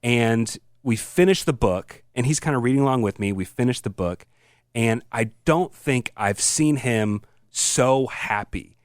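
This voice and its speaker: Earnest dad telling a story. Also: male voice, medium pitch, lively intonation, unhurried, no room sound, clean studio sound. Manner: storytelling, earnest, softens when moved. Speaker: podcast co-host. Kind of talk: casual chat.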